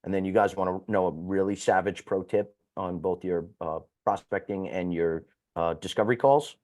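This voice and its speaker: A man speaking as a guest sales coach who talks fast, bluntly and with some swearing. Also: deep voice, steady tone, darkish tone. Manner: fast-talking, blunt and profane.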